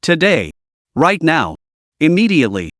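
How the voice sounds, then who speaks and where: A curt, commanding young businesswoman, voiced by a man in an animated lilting read. She gives orders in a stern, clipped way, set against a dry close sound. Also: on the high side, measured pace, dry recording, exaggerated voice. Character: cold, stern young woman company executive.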